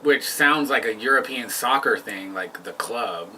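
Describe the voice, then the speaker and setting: A man's voice: mid-range voice, animated, a little slow, distant mic, background noise. A man co-hosting a casual chat over drinks, patiently explaining sports. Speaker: podcast co-host.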